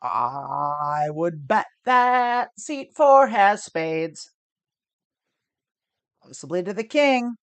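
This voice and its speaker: A woman with a fairly low, sing-song voice draws out her words and pauses often, recorded with no echo. She's an American streaming online poker, chatting casually and explaining her moves as she plays. She's self-mocking, laughs a lot and swears lightly in this live-stream gameplay commentary.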